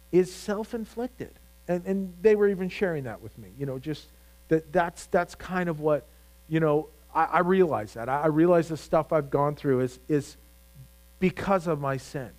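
A man's voice: a little high, a little mellow, poor audio. A man preaching a sermon as pastor, talking conversationally with frequent restarts and rising emphasis.

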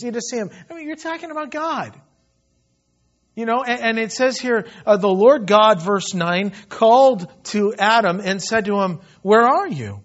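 A man preaching with passion and a conversational touch, often acting out the text he reads. His voice sits high, and the recording sounds muffled and lo-fi. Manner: impassioned, conversational preaching that acts out scripture. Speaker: pastor. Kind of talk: sermon. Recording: dull lo-fi recording.

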